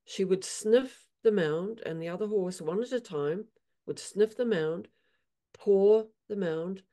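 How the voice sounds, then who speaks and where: A woman equine therapist telling animated stories in an interview, acting out her horses' voices. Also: mid-range voice, unhurried. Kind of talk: storytelling in an interview.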